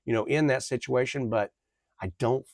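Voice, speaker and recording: Halting, rambling man reading tarot. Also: medium pitch, darkish tone, no room sound, clean studio sound. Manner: rambling, halting, with many fillers and self-corrections. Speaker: tarot reader. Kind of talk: casual tarot reading to camera.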